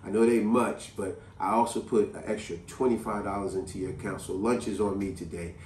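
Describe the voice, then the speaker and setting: A man putting on a deep, soothing bank manager. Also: fairly even intonation, a little fast, roomy sound, far from the mic, a little hiss or hum, lightly acted. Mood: apologetic. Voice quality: low soft courteous. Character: calm polite male bank manager.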